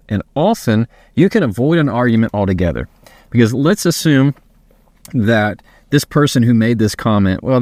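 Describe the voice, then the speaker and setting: A man with a fairly low voice delivers a motivational talk in a conversational way. He stretches out the phrases he wants remembered. The sound is dry and close, with no room echo. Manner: conversational, acts out quoted phrases in slow deliberate tones. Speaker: speaker giving communication advice.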